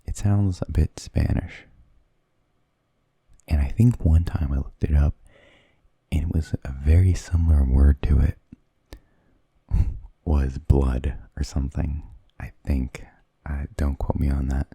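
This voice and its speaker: A man telling rambling stories in a soft-spoken ASMR style, hesitant and often slipping into whispers close to the mic. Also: a bass voice, fairly even intonation, a little slow, vocal fry, long pauses, husky, dry recording. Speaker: ASMR creator.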